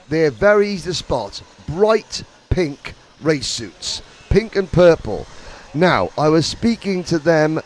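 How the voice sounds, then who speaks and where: A man's voice: a little high, darkish tone, low-quality recording. A middle-aged man giving live, rambling, self-deprecating commentary on an endurance kart race.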